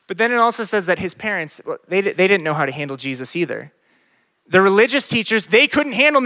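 A male pastor preaching to young people in a loose, conversational way, full of jokes and quick asides. His voice sits a little high and rings bright. He swings between big, excited peaks and quiet, earnest stretches. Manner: animated, joking, conversational. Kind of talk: sermon to a youth group.

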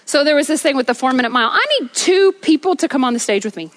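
A woman preacher delivering an energetic sermon on a church stage, telling stories with rhythmic repetition. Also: sits high, fast talker. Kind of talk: sermon with storytelling.

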